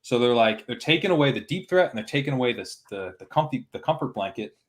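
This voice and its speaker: A man's voice: mid-range voice, expressive, fast. A man on a casual fantasy football podcast, a chatty storyteller who quotes himself and laughs easily.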